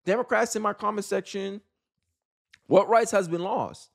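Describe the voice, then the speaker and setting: Guy ranting about politics on his channel, kinda high voice, blunt, keeps asking rhetorical questions. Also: moderate pace, vocal fry. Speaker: political commentator. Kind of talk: opinionated commentary vlog.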